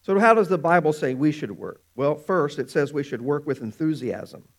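A man preaching a sermon, animated, stretching out words for emphasis. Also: on the high side. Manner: animated, drawn-out emphatic phrases.

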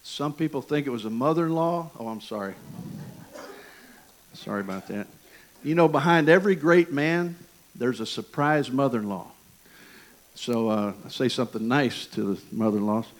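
A man with an East Tennessee Southern accent preaching a sermon, folksy and animated, with jokes and asides to the congregation. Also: mid-range voice, moderate pace, pauses often, low-quality recording. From Michigan. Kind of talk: sermon with personal stories.

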